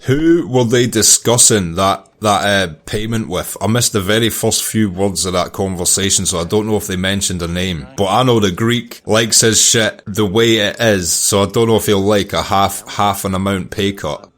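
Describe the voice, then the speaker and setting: A man's voice: on the low side, normal speed, few pauses. Blunt, swearing English man reacting. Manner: swears a lot, blunt and animated. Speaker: reaction video host. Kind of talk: casual reaction commentary.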